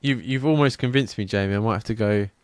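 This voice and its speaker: A man, co-hosting a podcast in relaxed, sweary casual chat. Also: lowish voice, quick pace, smooth, no room sound, studio quality. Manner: laid-back, swears freely, laughs easily. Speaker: podcast co-host.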